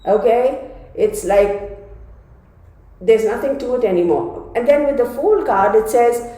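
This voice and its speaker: A congested woman giving a casual tarot reading, chatty and dramatic. Her voice is mellow and dark. It rings out in a very echoey room. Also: on the high side, animated, a little slow. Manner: chatty and dramatic, addresses viewers as y'all. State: congested from a cold. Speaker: tarot reader.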